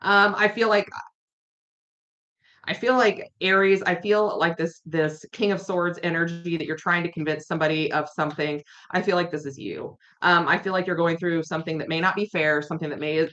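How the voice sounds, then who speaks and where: Bright-voiced woman reading tarot live. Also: low voice, steady tone, fairly quick. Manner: chatty, repeats phrases, reads viewer comments aloud. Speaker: tarot reader. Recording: dull lo-fi stream audio.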